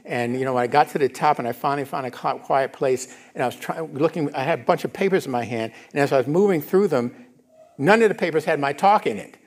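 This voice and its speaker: A man's voice: fairly high pitch, fast. A middle-aged male minister giving a conversational sermon in a church, often asking the congregation if they follow. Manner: casual, animated, asks the congregation if they follow. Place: church sanctuary.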